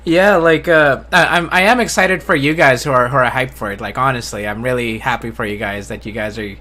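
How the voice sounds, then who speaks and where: Bright-voiced hesitant man hosting a live chat. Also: a little fast. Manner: hesitant, restarts with repeated words; self-described monotone, low enthusiasm. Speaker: host. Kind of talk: casual live-stream discussion.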